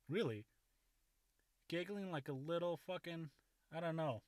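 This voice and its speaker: A man's voice: fairly high pitch, unhurried, a little mellow, no echo. A man in his thirties telling a rambling school story in a casual, profane way, often laughing at his own jokes.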